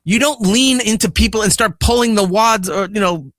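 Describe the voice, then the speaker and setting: Profane, animated man telling a story. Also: sits high, normal speed, no echo, clean studio sound. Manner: profane, animated retelling that acts out quoted lines. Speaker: podcast host and father. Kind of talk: casual storytelling chat.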